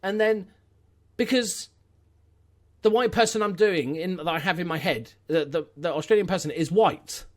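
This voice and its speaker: A man's voice: high-pitched, normal speed. A young man casually commentating his game, chatty and opinionated with rambling asides. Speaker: gaming YouTuber. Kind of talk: let's-play commentary.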